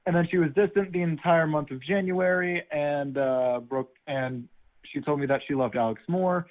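A man's voice: a little high, moderate pace. Eager male caller on a phone line. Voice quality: eager, chatty, with filler "uh". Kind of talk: phone call-in story.

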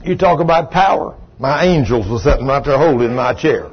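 A man, a pastor preaching a sermon, telling a story in a low voice and then rising loud and emphatic. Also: animated, a little fast, husky, muffled recording. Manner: swings from low quiet telling to loud raised retelling. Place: church sanctuary.

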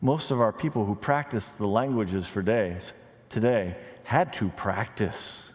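A man preaching a sermon as a pastor, animated, with wide pitch swings, rising on questions and dropping low for emphasis, with conversational asides and light humor. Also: measured pace. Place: church sanctuary. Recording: long reverb of a large hall.

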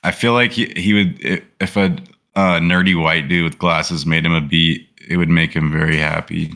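Casting: deep-voiced male co-host with a bright, forceful tone, rambling banter. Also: fairly even intonation, normal speed, creaky. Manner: rambling, full of fillers and restarts. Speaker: podcast co-host. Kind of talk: casual chat.

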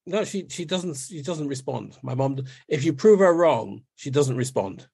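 A man's voice: a little high, lively intonation, normal speed, creaky, mellow, slightly rough, dry recording. A middle-aged man, a podcast guest, recounting his past steadily and checking in with "right?". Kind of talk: conversational storytelling.

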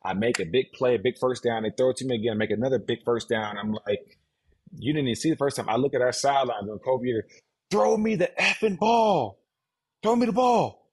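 Male guest, 30s, husky, lively raconteur who acts out what others said. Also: mid-range voice, fast talker. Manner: animated, mimics others' voices in his stories. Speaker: podcast guest, retired football player. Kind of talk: casual storytelling.

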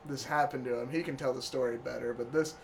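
A man's voice: mid-range voice, quick pace, gravelly, slight background noise. A young man telling stories in a loose, profane, laughing way during a casual chat. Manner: profane, laughing, animated retelling.

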